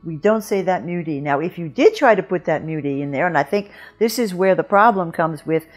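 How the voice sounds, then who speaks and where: A woman with a lowish voice gives a French pronunciation lesson, patient and careful as she models each word slowly. Faint music plays behind her. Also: animated. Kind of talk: instructional lesson.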